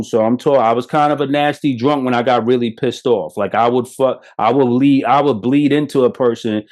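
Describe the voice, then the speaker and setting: A middle-aged man with a New York accent, hosting a podcast and telling blunt, profane, animated stories of his own recovery. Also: mid-range voice. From Brooklyn, New York. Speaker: podcast host. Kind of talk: candid motivational talk.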